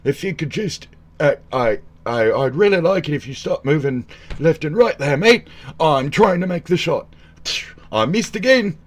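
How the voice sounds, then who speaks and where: A man's voice: a little high, animated, moderate pace, pitched above the performer's own voice. A man doing a fussy, apologetic alien hitman. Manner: apologetic, fussy, keeps saying mate. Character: bumbling polite male alien assassin, British-sounding.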